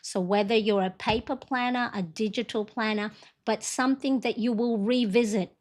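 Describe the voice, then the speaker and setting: A middle-aged woman with a slightly high voice chats through a live stream. She rambles and encourages, dropping "um" and "you know" as she goes. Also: steady tone, moderate pace. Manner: chatty, rambling, warm encouragement with frequent fillers. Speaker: livestream host. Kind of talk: casual live stream chat.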